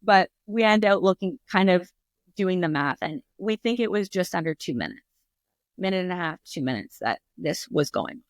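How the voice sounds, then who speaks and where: Low gravelly woman telling a story. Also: normal speed, dry recording, studio quality. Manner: candid, swears freely, acts out her own past reactions; animated retelling with many fillers. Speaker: podcast guest, author. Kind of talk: casual storytelling in an interview.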